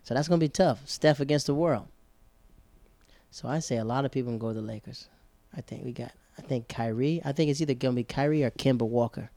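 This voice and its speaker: Brief: chatty male co-host, rambling talk, mid pitch, dry close mic. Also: fast, dark tone, dry recording. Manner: rambling, chatty, self-correcting. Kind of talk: casual chat.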